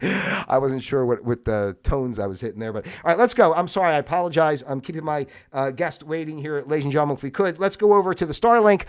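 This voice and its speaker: A man hosting a casual livestream chat show, his voice sitting a little higher than most men's. He rambles along with plenty of "uh"s and quick apologies. His delivery is loose and easygoing. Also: clean tone. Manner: rambling, filler-heavy, apologetic. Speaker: host of a livestream talk show.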